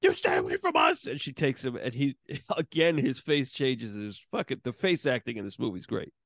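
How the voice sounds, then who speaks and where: A man's voice: mid-range voice, normal speed, gravelly. A man co-hosting a podcast, recapping a movie in a laid-back, profane way and acting out lines. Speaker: podcast co-host. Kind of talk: casual movie-recap chat.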